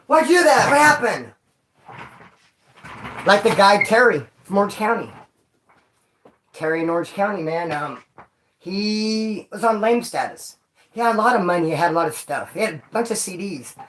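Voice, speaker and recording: A man casually telling stories about his time in prison to camera, in a slangy, profane and animated way, often acting out other people's voices. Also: high voice, normal speed, slight background noise.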